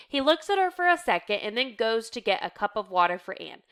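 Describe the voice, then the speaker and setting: Woman reading stage directions, steady and plain, clear tone. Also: fairly high pitch, brisk, few pauses. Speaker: reader. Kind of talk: reading a play script aloud.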